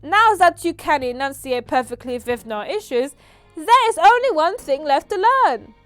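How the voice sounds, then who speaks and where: Woman doing a bad put-on accent for a mock speech-coach read: high, bouncy, emphatic. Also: big pitch swings, normal speed, no room sound, soft background music. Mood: mock-earnest. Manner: loud, emphatic mock-instructional reading.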